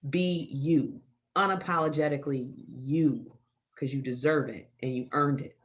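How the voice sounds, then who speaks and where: A woman's voice: low voice, unhurried, lo-fi sound. A middle-aged woman speaking as a forum panelist, emphatic and impassioned.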